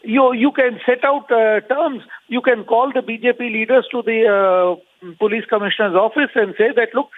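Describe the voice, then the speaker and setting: A man with an Indian accent, an opposition politician firing combative rhetorical questions in a news debate. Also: high-pitched. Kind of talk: heated phone-in debate. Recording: tinny phone line.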